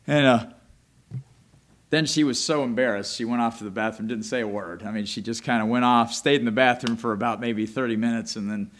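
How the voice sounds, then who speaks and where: Shifting from loud emphasis to quiet, close speech, a male pastor delivers a conversational sermon, frequently asking "all right?". His voice is mid-range and steady in tone, and he speaks a little fast.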